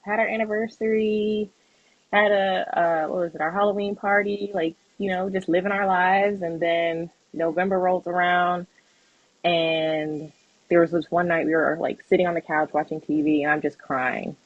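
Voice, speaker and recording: A young woman co-hosting a podcast, telling a personal story in a casual, animated way, acting out the voices of others and laughing often. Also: lowish voice, moderate pace, no room sound, highs cut off. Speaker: podcast co-host.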